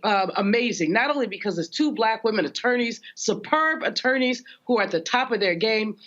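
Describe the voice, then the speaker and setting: A woman guest gives passionate, preacherly commentary with firm emphasis. Her voice sits a bit high. The audio reaches us slightly dull, as if from a remote link. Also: fairly bright tone.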